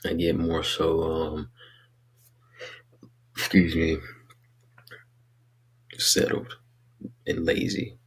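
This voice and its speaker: A young man speaking in a very low, gravelly voice with a lot of fry, talking straight to his listeners. His delivery is earnest and rambling, full of casual slang, like a friend giving heartfelt advice in a vlog. The tone is rough and breathy rather than clean. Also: completely flat delivery, drawn-out words, long pauses. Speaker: vlogger giving life advice. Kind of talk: casual motivational vlog talk.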